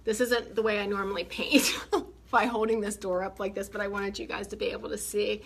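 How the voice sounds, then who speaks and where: A woman speaks briskly in a creaky, husky, mid-range voice with little pitch movement. While painting, this furniture refinisher chats casually and enthusiastically to viewers through her phone camera in a how-to demo, slightly out of breath.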